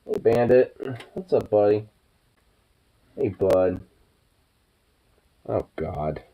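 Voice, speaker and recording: A man's voice: fairly low pitch, lively intonation, very slow, warm tone, dull audio. Stoned young man cooing at his pets. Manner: cooing baby talk and swearing at his pets, laughing often. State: stoned, sleepy. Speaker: vlogger. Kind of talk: casual late-night chat to his pets.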